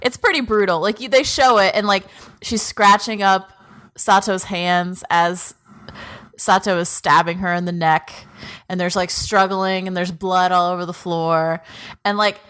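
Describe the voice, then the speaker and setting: A woman's voice: fairly low pitch, fairly even intonation, a little slow, fairly bright tone, smooth. A woman co-hosting a podcast, recapping at length in casual chat with many "like"s. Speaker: podcast co-host.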